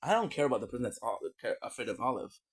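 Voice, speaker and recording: A man of ordinary pitch rambles casually on a live stream, cracking jokes and trailing off into fillers. He talks between bites and lets out pleased murmurs while he eats. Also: big pitch swings, racing, husky. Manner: joking and rambling, with many fillers and food sounds.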